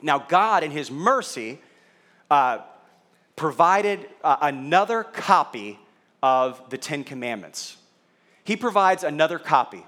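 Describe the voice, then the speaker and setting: A man's voice: fairly high pitch, very animated, slow pace, sharp tone. A middle-aged man, a pastor, teaching a sermon in a conversational way, checking in with his audience and teasing the room. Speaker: pastor teaching a Bible study.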